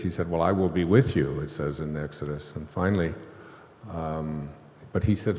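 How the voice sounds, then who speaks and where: A man's voice: very deep voice, moderate pace, a little mellow. A man telling a long, rambling spiritual story on stage to a live audience, laughing now and then. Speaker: host. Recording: echoey hall.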